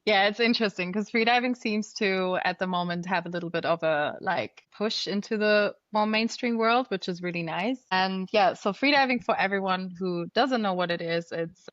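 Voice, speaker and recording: A woman's voice: mid-range voice, normal speed, hardly any pauses, a bit bright, dry recording, dull audio. A woman guest in a podcast interview, speaking thoughtfully and often searching for her words. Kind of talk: conversational interview.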